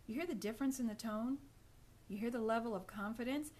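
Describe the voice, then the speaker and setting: A woman's voice: fairly high pitch, fairly quick, darkish tone. A woman etiquette coach giving direct, instructive tips to viewers during a live stream, addressing them as ladies and acting out hesitant and confident examples. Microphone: phone or webcam.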